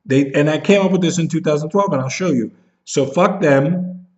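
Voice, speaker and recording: A man's voice: fairly high pitch, normal speed, background noise. Angry ranting man, slightly dull recording. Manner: bitter, profane, jumps into mocking voices when he is upset. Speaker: vlogger. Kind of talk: angry rant to camera.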